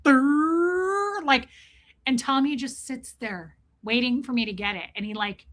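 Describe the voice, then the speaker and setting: Woman, livestream host, bright crisp voice, a bit high, lively self-mocking storytelling. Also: moderate pace. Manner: animated storytelling, self-mocking, greets chatters by name. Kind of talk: casual livestream chat reading viewer comments.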